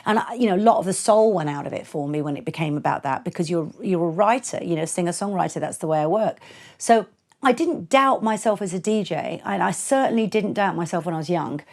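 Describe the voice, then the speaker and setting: A middle-aged woman, a DJ and producer, telling stories in a podcast interview with blunt, animated delivery, acting out quotes and laughing often. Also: lowish voice, fast. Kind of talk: candid storytelling in a podcast interview.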